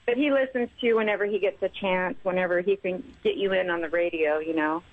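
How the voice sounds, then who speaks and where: A woman's voice: lowish voice, quick pace, dry recording. A woman calling in to a radio show, speaking politely and a little hesitantly. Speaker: caller. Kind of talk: call-in phone conversation. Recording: tinny phone line.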